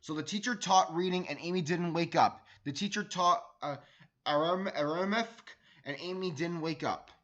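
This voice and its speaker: A man's voice: fairly high pitch, normal speed, a bit bright, low-quality recording. A man reading a children's storybook aloud as a read-along host, enthusiastic, often stumbling over and repeating words.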